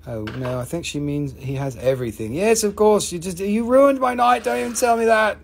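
A live-stream seller of rocks and crystals who talks in a casual, joking, profane and excitable way. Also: medium pitch, brisk, gravelly, a little hiss or hum. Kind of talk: casual live sales chat.

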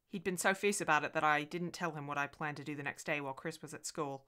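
A woman reading a ghost story aloud in an expressive way and voicing the dialogue herself. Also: deep voice, fast talker, few pauses, clear, resonant tone.

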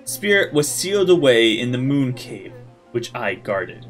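A smug, flamboyant wandering prophet, put on by a man reading a game aloud, speaks with a broken mock French accent. His delivery is showy and drawn out, at an ordinary middle pitch. Faint game music plays underneath. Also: sing-song, a little slow, fairly bright tone. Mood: smug, theatrical.

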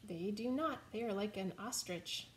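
An American woman reads a picture book aloud to children in a medium-pitched voice at a moderate pace. She keeps things chatty, stopping to ask her young listeners questions as she goes.

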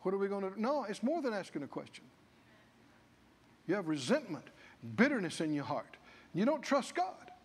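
Male pastor, folksy sermon delivery, high animated voice. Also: normal speed, long pauses, husky, in a large hall. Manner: folksy, acts out the people's grumbling in character voices. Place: church.

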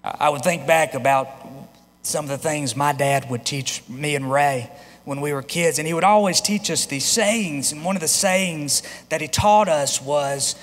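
This thirtysomething pastor's voice sits on the high side at a moderate pace. Telling a personal anecdote in a sermon, he talks conversationally with many restarts, his words carrying the long reverb of a big church sanctuary.

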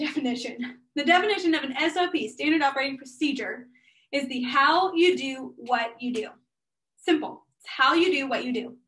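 A woman giving an energetic workshop talk as a guest speaker, chatty and encouraging as she speaks straight to the audience. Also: high voice. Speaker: guest speaker and business owner.

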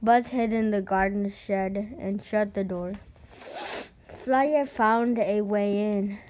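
A woman reading a children's picture book aloud, slowly and carefully, sometimes stumbling and restarting words. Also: mid-range voice, darkish tone, lo-fi sound. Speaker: storybook reader.

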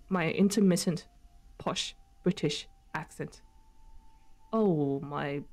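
A woman's voice: fairly low pitch, darkish tone. A young woman streaming, chatting casually with her viewers while she plays, laughing often. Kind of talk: casual chat while gaming.

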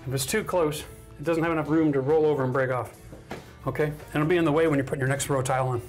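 A man's voice: fairly high pitch, fairly even intonation, fast, soft background music. A man with a chatty, self-mocking manner who laughs often, teaching a casual DIY tiling tutorial on a bathroom job site. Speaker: renovation instructor.

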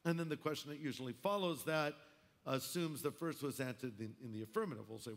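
A man's voice: fairly high pitch, expressive, a little fast. A man preaching a sermon as pastor, emphatic with wry asides. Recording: long hall reverb.

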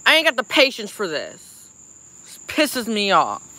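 A woman streaming live, angrily venting to her chat and apologizing over and over while clearly upset. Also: mid-range voice, huge pitch swings, unhurried, bright, forceful tone, a little hiss or hum. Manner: angry venting, repeated apologies. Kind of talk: casual livestream chat.

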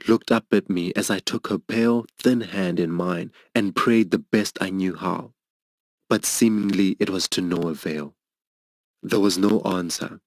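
A middle-aged man preaching, telling a personal story in an earnest, emotional way. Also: no room sound. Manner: earnest, emotional storytelling, voicing others' lines higher. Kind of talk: sermon testimony storytelling.

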